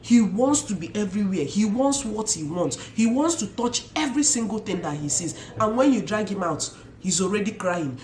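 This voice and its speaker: A young Nigerian woman telling stories casually to her viewers with an animated, expressive manner and Pidgin asides. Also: mid-range voice, moderate pace, roomy sound, a little hiss or hum. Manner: animated, mixes Pidgin asides, imitates loud shouts. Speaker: vlogger. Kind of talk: casual storytelling to camera.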